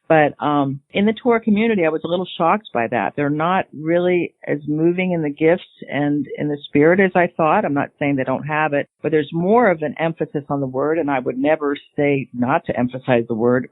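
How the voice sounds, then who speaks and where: A middle-aged woman chats as a guest in a bubbly, enthusiastic way, quick to laugh. Her voice comes through a thin, phone-like line. The sound is dry, with no room around it. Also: sits low, no echo. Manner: chatty and enthusiastic, laughs often. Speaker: podcast guest. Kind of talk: casual chat.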